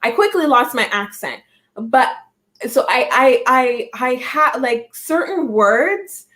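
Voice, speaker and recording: A woman in her thirties with a Canadian accent, hosting a livestream and telling stories in a rambling, animated way with many restarts. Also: high-pitched, slow pace. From Jamaica, raised in Canada. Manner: rambling, animated storytelling with frequent restarts and laughs. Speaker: psychic livestream host. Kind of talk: casual livestream chat.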